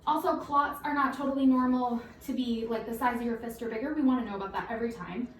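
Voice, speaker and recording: Night nurse lady teaching a sim, kinda breathless behind a mask, chatty with lots of um and like, higher voice, faint hiss. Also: fast talker. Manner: chatty, informal, with frequent fillers. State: slightly out of breath, talking through a face mask. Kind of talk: teaching a nursing simulation. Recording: roomy echo, mic at a distance.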